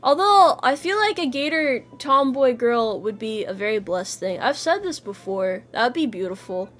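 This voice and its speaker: A woman's voice: a little high, lively intonation, normal speed, fairly bright tone. A woman streamer chatting casually with her viewers, playful, laughing often and swearing freely. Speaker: VTuber streamer.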